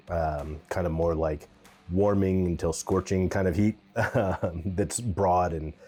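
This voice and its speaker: A man's voice: low-pitched, mellow. A man giving a casual, candid pepper tasting review, thinking aloud with the odd um.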